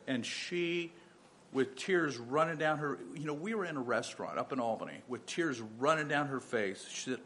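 A man's voice: mid-range voice, animated, normal speed, a bit bright, a little hiss or hum. A man in his fifties, a pastor giving a sermon, moving from earnest personal storytelling to emphatic preaching with many restarts.

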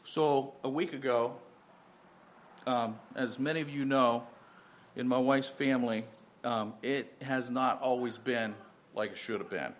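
A man's voice: mid-range voice, fairly even intonation, unhurried. A man in his fifties, a pastor giving a sermon, moving from earnest personal storytelling to emphatic preaching with many restarts.

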